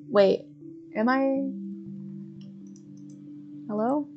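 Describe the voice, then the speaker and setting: A woman's voice: on the high side, takes it slowly, creaky, pauses often, highs cut off, faint music behind. A woman streaming a puzzle game live, talking casually, often puzzled, swearing and laughing as she reads chat aloud. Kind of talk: casual live gameplay commentary.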